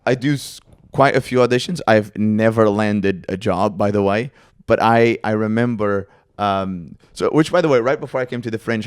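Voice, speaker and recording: A man's voice: fairly low pitch, smooth, no room sound, studio quality. A young man co-hosting a podcast in casual chat, joking and teasing his co-host. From Europe.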